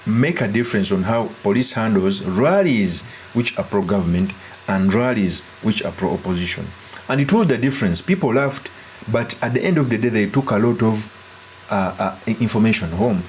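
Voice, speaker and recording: A man giving earnest, deliberate political commentary and breaking off to restart his sentences. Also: on the low side, a little mellow, slight background noise.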